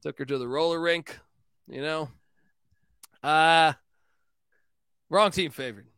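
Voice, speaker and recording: A man's voice: on the high side, slow, fairly bright tone, clear, resonant tone, no echo, clean studio sound. A man hosting a casual sports betting show, loose and joking, swearing and laughing as he gives his picks. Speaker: sports betting podcast host.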